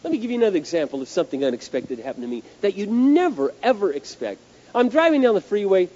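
A man preaching a sermon as pastor, telling a story in an animated, emphatic way, on a dull lo-fi recording. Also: sits high, fast.

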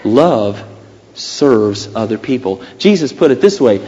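A man preaching a sermon emphatically, with dramatic pauses between phrases. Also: medium pitch, expressive, dark tone. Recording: long reverb of a church hall.

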